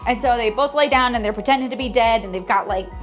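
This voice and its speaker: A woman's voice: fairly high pitch, fast talker, over music. A woman hosting a casual book club recap, chatty with lots of fillers and some swearing. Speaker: host.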